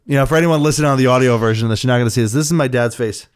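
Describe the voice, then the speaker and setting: A man's voice: medium pitch, rapid-fire, clear, resonant tone. A young man hosting a podcast, telling a rowdy story in casual, profane chat and acting out the voices of the people in it. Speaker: podcast co-host.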